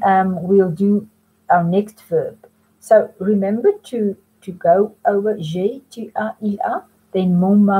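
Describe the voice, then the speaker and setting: Husky breathy lady teacher going over french stuff, lively up and down voice. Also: mid-range voice, rough recording. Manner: patient, explains step by step, mixing in French phrases. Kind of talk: remote lesson for students.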